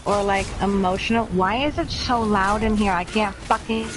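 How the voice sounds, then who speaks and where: A woman's voice: medium pitch, steady tone, moderate pace. A woman and mother with a Boston accent, chatting casually, blunt and full of swearing. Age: adult, mother of children. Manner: blunt, swears often, rambling. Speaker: chat participant. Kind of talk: casual chat. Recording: noisy home mic with clicks.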